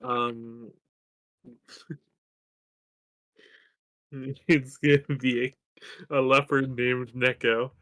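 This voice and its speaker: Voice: mid-range voice, little pitch movement, slow pace, fairly bright tone, dry recording. A player in a casual tabletop game, hesitant and giggling between answers.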